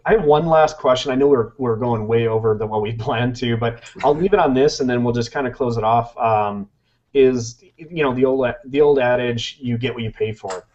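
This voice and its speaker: A man's voice: mid-range voice, moderate pace, darkish tone. A man hosting a podcast who asks questions in an easygoing, friendly way. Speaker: podcast host. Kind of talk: casual interview. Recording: dull lo-fi sound.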